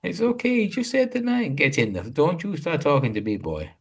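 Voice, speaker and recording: A woman's voice: deep voice, big pitch swings, a little fast, slightly rough, pitched above the performer's own voice, exaggerated voice. A man voicing a stern grandmother with a Jamaican accent who scolds a teenage boy. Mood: scolding.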